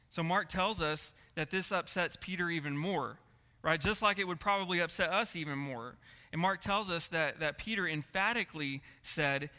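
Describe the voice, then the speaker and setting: Earnest male preacher, slightly high and bright, in a reverberant church hall. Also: moderate pace. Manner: earnest, repeats words and asks the room "right?". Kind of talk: sermon.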